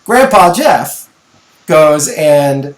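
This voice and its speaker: A middle-aged man co-hosting a podcast, telling a story in casual, animated chat. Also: fairly high pitch, drawn-out words. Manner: animated storyteller, acts out voices in anecdotes. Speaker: podcast co-host. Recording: echoey room.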